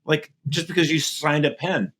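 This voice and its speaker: A man's voice: on the high side, moderate pace, fairly bright tone, husky. A man co-hosting a podcast, giving casual political commentary in a mocking, incredulous tone. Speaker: podcast co-host.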